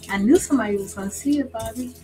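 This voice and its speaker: Woman, craft livestream host; chatty and casual, calls out viewers by name, excitable with quiet asides. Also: a little high, very fast, faint music behind, rough recording. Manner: chatty, answers viewers by name, says y'all; drifts between excited exclaiming and soft asides. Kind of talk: casual chat while crafting.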